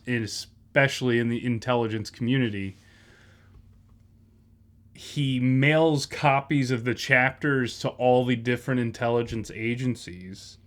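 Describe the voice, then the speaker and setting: Guy cohosting a movie podcast, casual and rambly, lots of ums. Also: mid-range voice. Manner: relaxed, rambling, many fillers. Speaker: podcast co-host. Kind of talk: casual film discussion.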